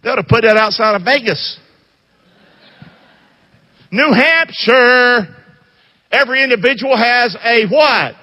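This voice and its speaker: A high-voiced man preaching with a bright, forceful edge, leaning on call-and-response questions. His voice rings out in a hall with a long reverb tail. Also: animated, measured pace, pauses often. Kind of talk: sermon.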